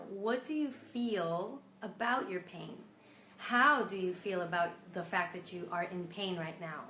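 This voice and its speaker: A woman wellness coach, getting over a cold, giving an earnest self-help talk that slows into gentle guided meditation. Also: medium pitch, reverberant, a little hiss or hum.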